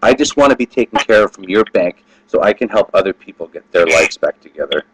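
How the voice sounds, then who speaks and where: A man's voice: low voice, lively intonation, fast talker, fairly bright tone, husky, rough recording. A man with a Southern US accent recording himself on his webcam, talking emphatically and adding asides. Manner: emphatic, keeps adding "allegedly". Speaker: vlogger recording his own phone calls. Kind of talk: webcam vlog.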